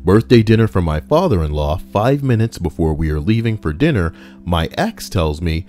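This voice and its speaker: A man's voice: sits low, lively intonation, moderate pace, a little mellow, soft background music. A man reading online posts aloud on a casual livestream, breaking off for crude, joking asides.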